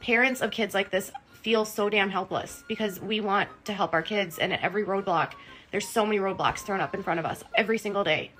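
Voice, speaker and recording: A woman's voice: mid-range voice, a little fast, fairly bright tone, soft background music, rough recording. An emotional woman hosting a livestream, talking in an impassioned, indignant, rambling way with fillers. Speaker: livestream host.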